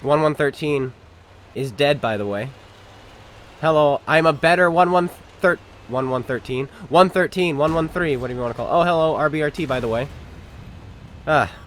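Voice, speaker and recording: A man's voice: on the high side, normal speed, a bit bright, a little hiss or hum. A man giving sarcastic, joking commentary over a tank game, talking to enemies and viewers as he plays. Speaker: gaming commentator. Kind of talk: casual gameplay commentary.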